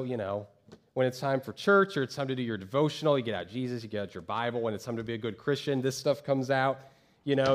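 A man preaching a sermon as pastor from a church stage, talking conversationally and acting out quoted voices with lively jumps. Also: mid-range voice.

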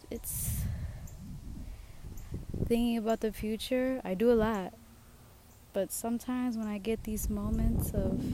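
A woman's voice: mid-range voice, background noise. A young woman hosting her own podcast, talking in a reflective, heartfelt way from a swing outdoors among trees. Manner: reflective and heartfelt, with soft laughs. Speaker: podcast host. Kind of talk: casual personal podcast monologue.

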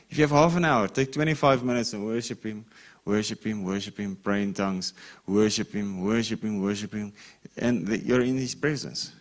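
A man preaching a sermon in a conversational way, reading scripture aloud and often checking in with the listeners. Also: mid-range voice. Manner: reads scripture with rising emphasis. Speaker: pastor.

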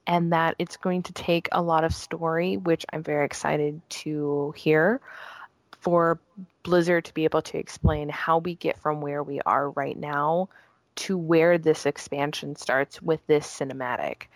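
Gravelly-voiced woman gushing about a trailer. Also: low-pitched, no room sound. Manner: gushing and emotional, quick bursts. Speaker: guest discussing a game trailer. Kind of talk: excited casual chat.

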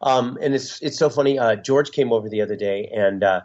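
A middle-aged man, a musician being interviewed, talking in a halting, reflective way with many fillers and restarts. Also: medium pitch, a little mellow. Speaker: musician guest. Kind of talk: casual interview talk. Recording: dull lo-fi sound.

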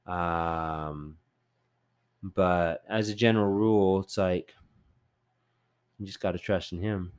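Low-voiced man hosting a casual podcast. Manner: conversational, rambling, with fillers. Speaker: podcast host. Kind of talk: casual Bible study chat.

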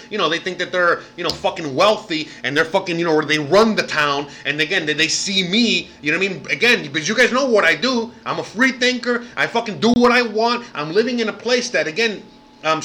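A man's voice: sits high, sharp tone. An American man vlogging to camera in a casual rant, profane and rambling, with lots of "you know what I mean". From United States. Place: living abroad in Mexico.

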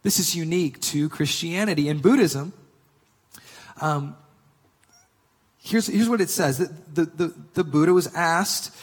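A man preaches a sermon in a fairly high voice that rings with a long echo. He reads scripture slowly and rises with force on his key points, speaking as the church's pastor. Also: breathy edge. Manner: emphatic preaching, slowing for scripture and rising on key claims.

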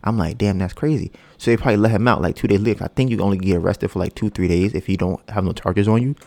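A man's voice: racing, creaky. A man hosting a podcast, telling a long story in loose, slangy casual talk and acting out the lines of the people in it. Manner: animated, acts out quoted dialogue with rising pitch; loose slangy speech with frequent fillers. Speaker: podcast host.

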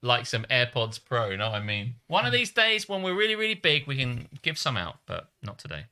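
A man with a very bright, sharp voice, chatting and joking on a comedy podcast. His pitch swings a lot as he giggles through his lines and reads posts out loud. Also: fairly quick, clean tone. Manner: giggly, lively, breaks into silly voices. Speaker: podcast co-host. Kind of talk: casual comedic chat and reading posts aloud.

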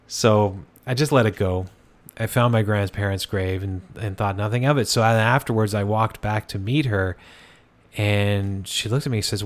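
A man with a fairly low voice tells a ghost story in a loose, conversational way. He stops and restarts often and fills the gaps with "uh" and "kinda". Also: moderate pace. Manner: relaxed, conversational, many fillers and restarts. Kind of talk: casual storytelling.

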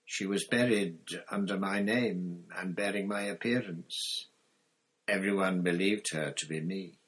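A man voicing a drugged young man who confesses in a flat, expressionless voice, in an audiobook reading. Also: sits low, unhurried, slightly rough, exaggerated voice, low-quality recording.

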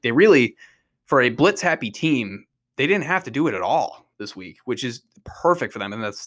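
A man hosting a sports podcast, rambling excitedly through football analysis with frequent restarts. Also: mid-range voice. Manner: rambling, restarts often, excitable about plays. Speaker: podcast host.

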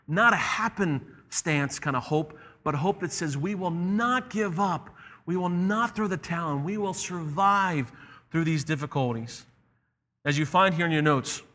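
A man's voice: fairly high pitch, a bit bright, long reverb tail. A man pastor giving an earnest sermon, telling a story and repeating key phrases.

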